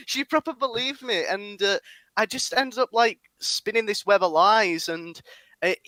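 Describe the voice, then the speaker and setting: A young man from England rambles through a funny anecdote on a podcast, laughing at his own story as he goes. His voice is bright and a little tense and sits fairly high, and the recording is dry and close. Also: measured pace, no room sound. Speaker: podcast host. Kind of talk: casual chat.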